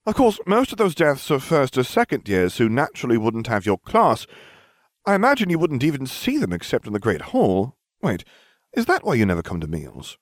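A man's voice: mid-range voice, wildly swooping pitch, normal speed, dry recording, studio quality, pitched above the performer's own voice. A man voicing a smug, scheming teenage wizard with a sardonic, condescending manner.

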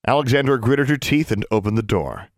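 A man narrating an audiobook chapter with expressive storytelling. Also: mid-range voice, fairly quick, dry recording, clean studio sound. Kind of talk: scripted narration.

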